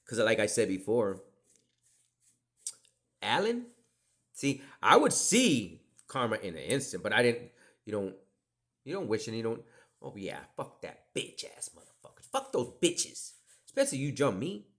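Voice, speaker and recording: This podcast host, a middle-aged man, has a lowish, fairly bright voice with big swings in pitch, a measured pace, and many pauses. His monologue is a rambling, profane string of stories and digressions, often punctuated by whispered asides.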